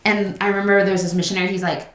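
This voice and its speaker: A woman's voice: medium pitch, level tone, racing. A podcast co-host from Guatemala chats casually and acts out other people's lines as she tells stories. Her voice sits in a mid range, and the room has a roomy echo. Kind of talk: casual chat.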